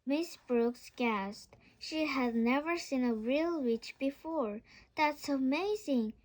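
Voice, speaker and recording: A woman's voice: high-pitched, takes it slowly, a little hiss or hum. A woman reading a children's storybook aloud, careful and repeating words after slips. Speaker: storybook reader. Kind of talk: children's book read-aloud.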